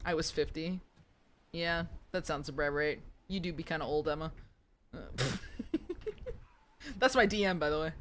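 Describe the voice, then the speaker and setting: Speaking low and unhurriedly with long pauses, a twentysomething woman provides live commentary on her gameplay stream, joking around with viewers. Some background noise can be heard.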